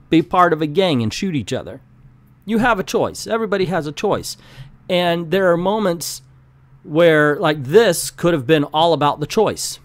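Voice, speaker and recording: An opinionated man reviews comics in a casual, animated way, and his voice swings up and down. His pitch sits somewhat high, and his voice comes through dry and close on a desk mic. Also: dry recording. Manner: opinionated, animated, talks with hands.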